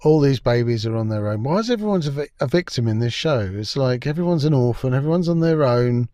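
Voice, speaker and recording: A man's voice: medium pitch, animated, fast talker, mellow, dry recording. A man giving a sarcastic, scornful spoken review of a TV episode, swearing freely. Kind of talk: ranting video review commentary.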